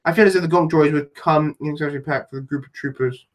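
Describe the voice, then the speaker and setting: London guy rambling on his livestream, kinda high voice, lots of restarts, puts himself down a lot. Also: steady tone, fast talker. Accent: London English. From London, England. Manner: rambling, self-deprecating, many restarts. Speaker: livestreamer answering chat. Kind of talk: casual live stream chat.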